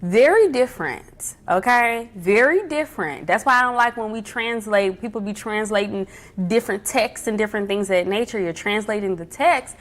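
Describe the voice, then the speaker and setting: A woman's voice: mid-range voice, fairly quick. Chatty woman hosting a livestream. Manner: emphatic, repeats key points, chatty and animated. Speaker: livestream host. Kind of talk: casual livestream talk giving life advice. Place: at home with her dog.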